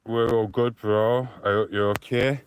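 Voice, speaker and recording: A man's voice: fairly low pitch, fairly even intonation, measured pace, slight background noise. A British man from the UK live-streaming on his phone while walking outdoors, chatting rambly and defensively to his viewers. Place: outdoors, walking along streets.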